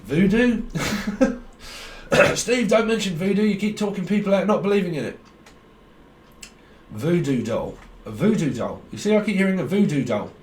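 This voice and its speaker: A man's voice: high-pitched, expressive, moderate pace, pauses often, a little mellow, a little hiss or hum. A man giving a rambling, blunt tarot reading, talking in a stream of consciousness and swearing freely. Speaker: tarot reader. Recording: echoey room, distant mic.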